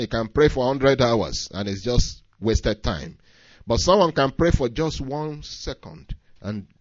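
Man preaching a sermon, dull dry sound. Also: no room sound. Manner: emphatic preaching, rising high and loud when pressing a point.

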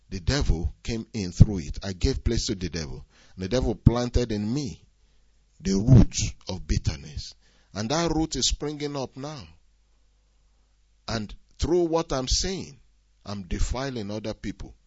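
A man's voice: medium pitch, no room sound. A man preaching a sermon, emphatic and exhorting, asking the congregation rhetorical questions. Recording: dull, dry lo-fi sound.

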